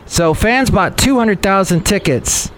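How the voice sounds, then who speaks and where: A man's voice: high voice, lively intonation, a little slow, a bit bright, slight background noise. A man hosting a podcast in casual, meandering chat, often correcting himself as he goes. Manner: meandering, self-correcting, chatty. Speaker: podcast host.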